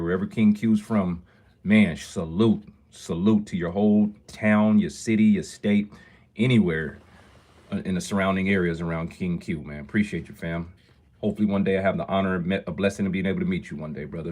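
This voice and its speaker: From his shop, a jeweler hosts a casual phone livestream in a low, somewhat mellow voice. He keeps the chat upbeat and talkative, frequently saying hello to viewers.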